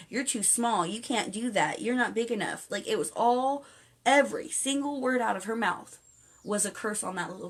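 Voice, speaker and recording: A woman giving a casual live-stream monologue as a spiritual vlogger, blunt and opinionated, with casual swearing and lots of fillers and restarts. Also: mid-range voice. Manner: chatty, with frequent fillers and restarts.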